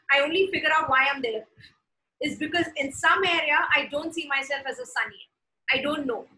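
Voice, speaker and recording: A woman's voice: high-pitched, bright, forceful tone, reverberant, rough recording. A woman preaching a sermon. She reads scripture aloud, explains it, checks in with "okay?" and repeats declarations for listeners to say back. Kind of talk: sermon teaching.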